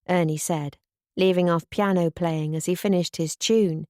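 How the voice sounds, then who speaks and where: A woman reading a novel aloud as an audiobook narrator, in an even, gentle storytelling manner. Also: lowish voice, normal speed, dry recording, studio quality. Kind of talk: scripted narration.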